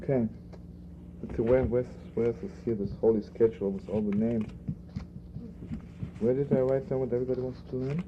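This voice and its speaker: A rabbi giving an informal spoken lesson, talking conversationally and repeating himself for emphasis. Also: male voice, medium pitch, fairly even intonation, a little fast, long pauses. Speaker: rabbi teaching a class. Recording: dull lo-fi archival recording with faint background noise.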